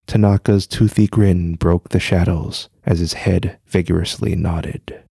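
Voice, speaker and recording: Casting note: male narrator, very low voice, gravelly fry, dry close mic. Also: steady tone, a little slow, few pauses, warm tone, no room sound. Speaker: storyteller. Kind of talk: scripted story narration.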